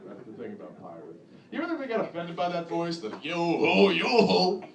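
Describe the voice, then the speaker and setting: A young New Jersey man with a matching accent does a crude, sarcastic stand-up set in a comedy club, slipping into mock voices. His voice is a little high, swings hugely in pitch, and moves fast. The echoey club is recorded from afar on a distant mic, with the audience laughing.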